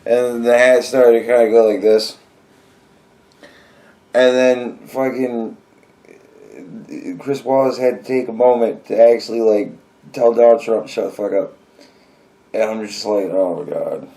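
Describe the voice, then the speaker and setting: A man's voice: medium pitch, flat delivery, measured pace, pauses often, warm tone. Profane, rambling man ranting. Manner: profane, rambling, exasperated, often laughing. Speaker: commentary vlogger. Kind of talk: casual reaction rant.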